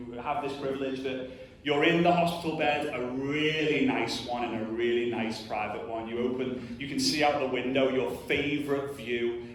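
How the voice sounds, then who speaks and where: This thirty-something conference speaker has a mid-range voice and gives an emphatic, earnest motivational address to a crowd in a large hall. He leans on "like" a lot and slips into little acted-out voices. The mic is distant, the hall echoes, and there's a slight hiss or hum.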